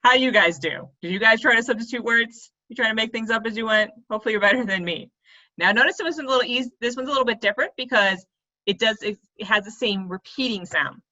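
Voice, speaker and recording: A woman's voice: on the high side, fast, pushed and bright, muffled recording. A woman teaching a lesson for children, speaking playfully and laughing at herself when she stumbles over tongue twisters. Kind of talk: video lesson for kids.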